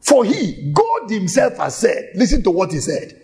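A man's voice: sits high, huge pitch swings, moderate pace, gravelly, a little mellow. A man preaching a sermon, emphatic and drawn out, repeating phrases for stress.

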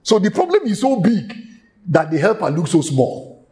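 A man preaching a sermon in a church, emphatic and shouting at times, repeating phrases rhythmically and laughing between lines. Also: high voice, wildly swooping pitch, moderate pace. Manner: shouting, emphatic, with sudden exclamations.

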